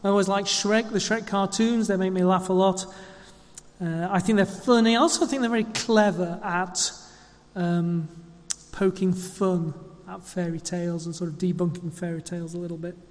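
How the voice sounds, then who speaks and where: Guy preaching with a bit of a cold, high squeaky voice, lots of uhs, big church echo. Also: steady tone, moderate pace. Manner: chatty, self-deprecating, with frequent ums and uhs. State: slight cough and cold. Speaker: church leader giving a sermon. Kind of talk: conversational sermon. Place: church hall. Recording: long reverb of a church hall.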